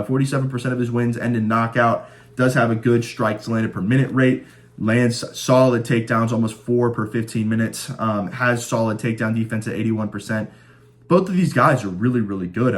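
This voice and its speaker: Chatty, stat-rattling male fight picker. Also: lowish voice. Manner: chatty, stat-heavy, enthusiastic. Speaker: host of a fight-predictions channel. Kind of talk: casual fight-prediction commentary.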